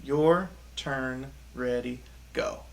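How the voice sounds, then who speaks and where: A man's voice: mid-range voice, extremely slow, gravelly, noisy background. A man teaching a children's rhythm lesson, cheerfully chanting rhythm syllables for students to echo back. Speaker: music teacher. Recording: music playing behind the voice.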